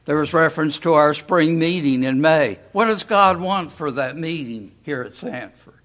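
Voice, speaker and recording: A man preaching a sermon as pastor, deliberate and full of rhetorical questions to the congregation. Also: a little high, fairly bright tone.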